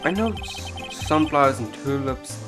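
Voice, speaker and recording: A woman's voice: very deep voice, expressive, unhurried. A woman streamer giving casual, sarcastic and profane commentary while playing a game. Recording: game music behind the voice.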